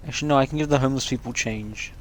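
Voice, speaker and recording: A man's voice: medium pitch, racing, slight background noise, rough recording. Man muttering over gameplay. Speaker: gamer. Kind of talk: casual gameplay commentary.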